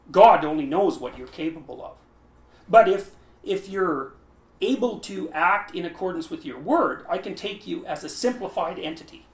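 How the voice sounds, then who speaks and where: A man's voice: a little high, vocal fry. A man lecturing who often restarts his phrases, thinks aloud and stresses key words. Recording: roomy echo.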